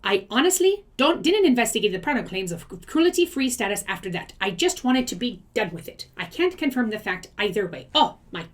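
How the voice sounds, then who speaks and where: A woman's voice: a little high, big pitch swings, brisk, few pauses. A woman voicing a chatty older woman host who reads viewer stories aloud with shocked, sympathetic exclamations. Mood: gossipy reading. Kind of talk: comedic story reading.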